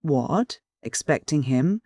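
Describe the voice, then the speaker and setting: A man voicing an excitable young male friend who blurts things out loudly. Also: a little high, takes it slowly, no echo. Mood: excited. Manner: loud, eager, blurting.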